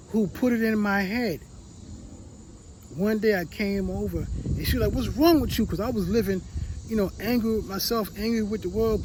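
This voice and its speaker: Man, high voice, motivational speaker; earnest storytelling, repeats himself, trails off quietly; faint insect noise behind. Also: rough recording. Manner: emotional, repeats words, drops to quiet, stumbles on restarts. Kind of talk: personal story, motivational talk.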